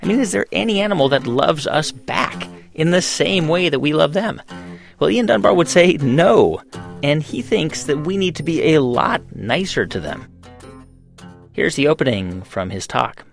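A man's voice: on the high side, expressive, moderate pace, gravelly, faint music behind. A man hosting a radio show, asking questions in a conversational, curious way. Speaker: radio host.

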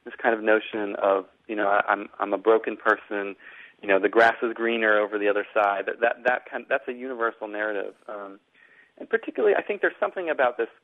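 A man's voice: on the low side, fast talker. A middle-aged man from Boston, an author answering interview questions in a rambling way, often repeating words. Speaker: author and guest. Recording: phone-like remote line.

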